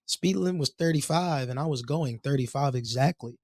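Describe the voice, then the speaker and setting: A man co-hosting a podcast, telling a long story in a casual, animated way and acting out the voices of the people in it. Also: mid-range voice, a little fast, no room sound, studio quality. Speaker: podcast co-host.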